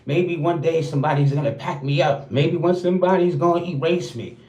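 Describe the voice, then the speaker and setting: A man's voice: a little high, a little fast, a little mellow, muffled recording. A man hosting his own livestream, rapping a crude, boastful freestyle roast in a rhythmic, rhyming flow. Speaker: livestream host. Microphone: streaming setup. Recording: roomy echo.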